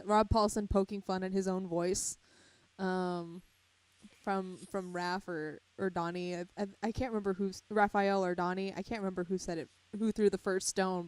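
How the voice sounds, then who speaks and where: A woman's voice: mid-range voice, clean tone. A young woman co-hosting a casual fan podcast, speaking hesitantly with many fillers and frequent giggles. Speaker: podcast co-host.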